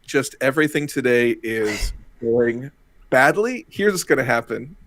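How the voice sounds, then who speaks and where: A man's voice: mid-range voice, animated, unhurried, a bit bright. A man co-hosting a casual live-stream chat over a video call, joking and self-deprecating. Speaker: co-host of a live-stream show. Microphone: home desk microphone and camera on a video call.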